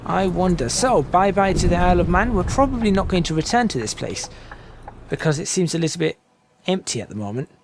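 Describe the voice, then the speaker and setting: A young man with a slightly high voice talks his way through a driving game, rambling along and correcting himself as he goes. Clear game sounds and noise run under his voice. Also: lively intonation, a little fast. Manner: chatty, rambling, self-correcting. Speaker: gaming channel host. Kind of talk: casual gameplay commentary.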